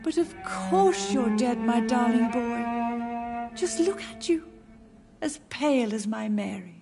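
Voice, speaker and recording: An actress playing a frail, grieving older mother who is gently confused, speaking slowly and wistfully in video game dialogue with music behind. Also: fairly high pitch, animated. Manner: wistful, slow, dreamy.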